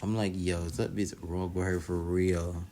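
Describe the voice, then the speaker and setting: Brief: man reviewer, low voice, loose profane slang, easygoing episode recap. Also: flat delivery, normal speed, mellow, a little hiss or hum. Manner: slangy, profane, laid-back storytelling. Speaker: reality show reviewer.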